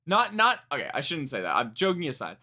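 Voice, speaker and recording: A young man with a bright, forward voice gives a live song reaction in casual chat. He rambles, restarts his sentences and swears freely as he picks apart the lyrics. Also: fairly high pitch, wildly swooping pitch, brisk. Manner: rambling, self-correcting, frank and profane. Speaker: music reaction streamer.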